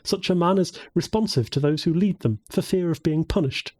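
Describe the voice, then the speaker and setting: Here is a male narrator playing an excitable young woman in an audiobook. The voice lifts high and bounces with eager energy. Beneath it sits a soft, mellow, faintly husky tone. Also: fairly quick. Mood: cheerful. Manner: bright, bubbly and eager.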